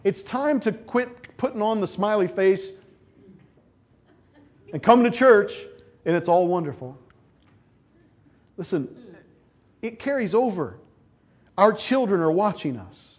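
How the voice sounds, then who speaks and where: A man preaching a lively sermon who acts out the voices of scripture figures as he tells the story. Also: high voice, takes it slowly, pauses often. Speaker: pastor.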